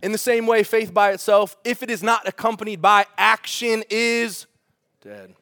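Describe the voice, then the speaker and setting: A man preaching a sermon as pastor, in an animated, conversational way, asking the congregation rhetorical questions. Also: high-pitched, moderate pace, smooth, dry recording, clean studio sound.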